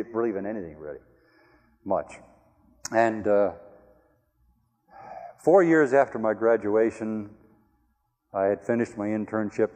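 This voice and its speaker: An older man, a pastor, telling a story in an earnest, plain sermon style, going soft on reflective lines. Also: fairly low pitch. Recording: long hall reverb.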